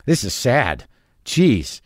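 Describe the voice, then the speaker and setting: A middle-aged podcast host tells a story in a neurotic, self-deprecating way. His voice is mid-pitched, and the recording is dry and close, with no room sound. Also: big pitch swings, takes it slowly, no room sound. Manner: anxious, self-mocking storytelling with quoted voices. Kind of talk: monologue.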